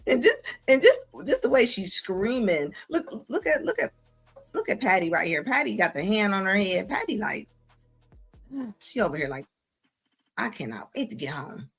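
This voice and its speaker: A woman hosting a casual reaction video, talking in an animated, slangy way and laughing often. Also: mid-range voice, unhurried, pauses often, breathy edge, soft background music. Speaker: commentary video host.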